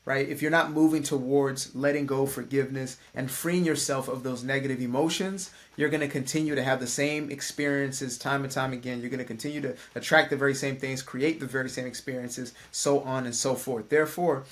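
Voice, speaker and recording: A man's voice: medium pitch, steady tone, a little fast, few pauses. A man who works as a life coach, giving a casual motivational talk to the camera. He speaks in a conversational, slangy way with playful asides.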